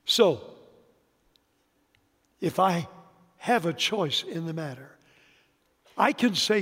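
A man preaching a sermon, emphatic, swinging between loud declarations and quiet asides, with humor to his congregation. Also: high voice, animated, slow, long pauses, husky. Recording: long reverb of a large hall.

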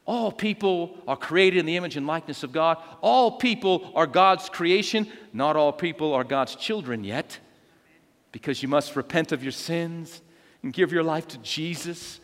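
Pastor, male, bright forceful delivery, lively storyteller, big reverberant church hall. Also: fairly high pitch, moderate pace. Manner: animated storytelling with acted quotes. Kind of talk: sermon.

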